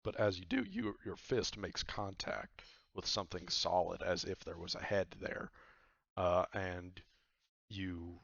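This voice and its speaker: A very low, gravelly man narrating a tabletop game as game master. He rambles and fills his speech with uhs and likes. The recording is dry and dull, like a lo-fi mic. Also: expressive, a little slow, a bit bright, dry recording. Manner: rambling, filler-heavy narration.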